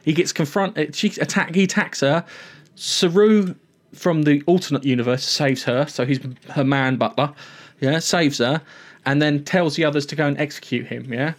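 A man in casual conversation, retelling a TV episode in a rambling, animated way and swearing freely. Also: a little high, moderate pace. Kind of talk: casual TV recap chat.

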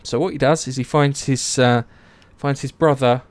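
A young man casually retelling myths, animated, swearing and acting out the characters' lines. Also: mid-range voice, moderate pace. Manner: animated storytelling, swears, acts out quotes. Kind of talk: casual chat.

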